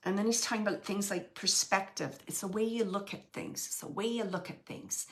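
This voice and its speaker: A woman working as a medium, relaying messages in a soft, halting way that sometimes drops to a whisper. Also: mid-range voice, fairly even intonation. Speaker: medium giving readings. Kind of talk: live mediumship reading.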